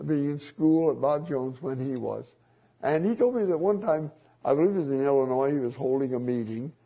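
Gravelly older man preaching a sermon. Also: a little high, dark tone. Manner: folksy storytelling with many fillers. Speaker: pastor.

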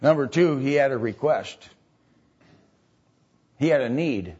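Slow husky-voiced male preacher. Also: mid-range voice, animated, a little mellow, muffled recording. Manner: halting, explains step by step, many filler sounds. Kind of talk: sermon.

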